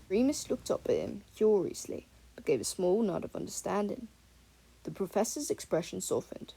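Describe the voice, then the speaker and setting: Gravelly-voiced woman reading an audiobook. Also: medium pitch, big pitch swings, moderate pace, mellow. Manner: reads dialogue with small shifts between characters. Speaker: audiobook narrator. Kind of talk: fan fiction audiobook reading.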